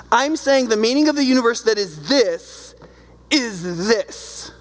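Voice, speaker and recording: A male pastor with a high, fairly bright voice preaches a sermon in a relaxed, conversational manner, frequently checking in with the congregation. The church sanctuary gives the recording a long hall reverb.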